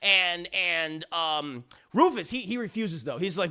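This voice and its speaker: A man's voice: sits high, expressive, a little slow, few pauses, sharp tone, clear, resonant tone. A man streaming live, animatedly retelling a story with lots of cursing while talking to his chat. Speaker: streamer reviewing media.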